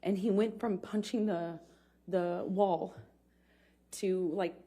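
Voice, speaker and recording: Woman on the witness stand, shaky halting testimony, lots of restarts, warm soft voice on a courtroom mic. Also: mid-range voice, steady tone. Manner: halting, with many restarts and pauses; quiet and shaken, voice rising with distress. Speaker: trial witness.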